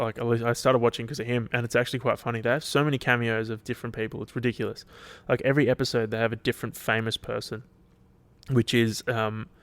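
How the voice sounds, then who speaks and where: A man's voice: mid-range voice, dry recording. A young Australian man hosting his podcast alone, chatting casually in a loose, rambling and sweary way. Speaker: podcast host. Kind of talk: casual solo chat.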